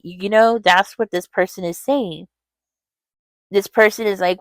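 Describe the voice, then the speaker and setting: A woman's voice: medium pitch, steady tone, unhurried, long pauses, dry recording. A woman giving a casual tarot reading, talking straight to the viewer in a rambling way, with many fillers and restarts. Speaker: tarot reader.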